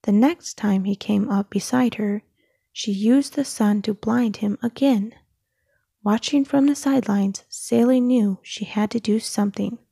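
Slow, gravelly woman reading a kids' story. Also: medium pitch, no echo, studio quality. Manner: soft, often whispered narration. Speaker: storybook reader. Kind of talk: children's story read-aloud.

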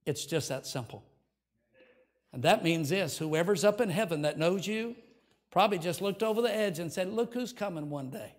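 A man's voice: high-pitched, normal speed. Older male pastor giving an altar call. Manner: earnest, leads prayer, coaxing invitation. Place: church sanctuary.

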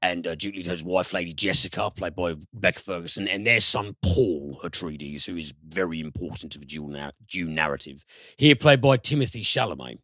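A man's voice: low voice, brisk, bright, forceful tone, no echo, studio quality. A British man reviewing films on a podcast in casual chat, enthusiastic and swearing freely. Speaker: film reviewer.

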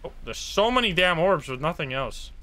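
A man's voice: fairly high pitch, moderate pace. A man streaming a ghost-hunting game live, talking to his chat and swearing often. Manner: excitable, swears, talks to chat. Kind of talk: live gameplay commentary.

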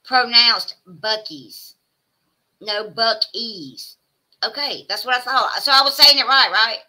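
This livestream host, a woman with a Southern American accent, reads her chat aloud and talks casually with viewers, exclaiming and drawling asides. Her slightly high voice is bright and forceful, delivered at a normal pace.

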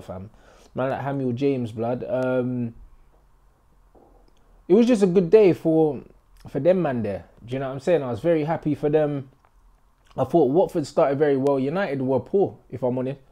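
A young man giving an excitable, slang-heavy football match reaction vlog, recorded indoors in a flat he is moving out of. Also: mid-range voice. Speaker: football fan vlogger. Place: indoor room in a flat being moved out of.

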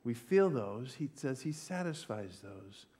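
An older man and pastor, preaching a sermon with slow, emphatic phrasing that sometimes drops to a near-whisper. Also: mid-range voice, very animated, dark tone, slightly rough. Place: church.

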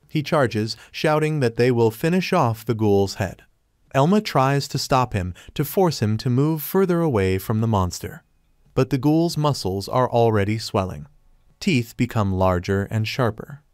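A man narrates a story recap from a script. His pitch sits in the middle, and he keeps a steady, even pace through the action. The sound is dry and close. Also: no room sound.

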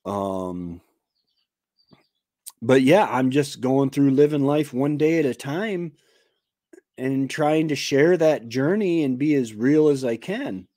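A man hosting a homesteading livestream, chatting casually and haltingly with many fillers and restarts, and poking fun at himself. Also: medium pitch, dark tone, dry recording, studio quality. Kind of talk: casual rambling chat.

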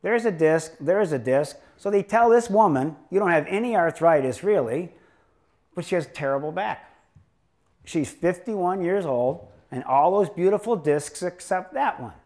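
A male doctor lecturing a live audience in a rather high voice. He tells case stories in a loose, rambling way and throws in jokes as he goes. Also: expressive, moderate pace, a little mellow. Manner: rambling, joking storyteller.

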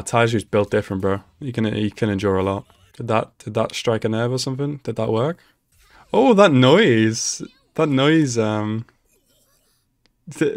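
Male reaction host, casual and excitable, ordinary pitch, dry sound. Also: no echo. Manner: excitable, laughs often, exclaims at the screen. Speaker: anime reaction channel host.

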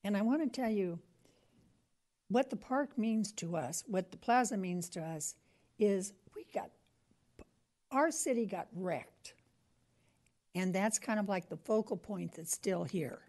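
A woman's voice: medium pitch, animated, unhurried, long pauses, a little mellow. A woman from a local historical association giving a chatty, rambling public comment at a city planning meeting. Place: council chamber.

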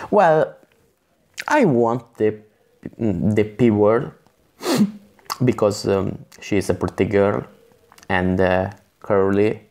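A man reading an English gamebook on a live stream, in a halting way with chatty asides and self-corrections. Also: on the low side, dark tone. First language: Italian.

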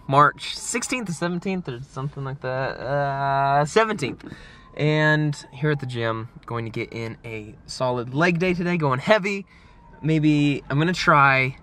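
A young man talking casually to camera in a vlog, chatty and animated, laughing often. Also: mid-range voice, slight background noise. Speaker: vlogger. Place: gym parking area.

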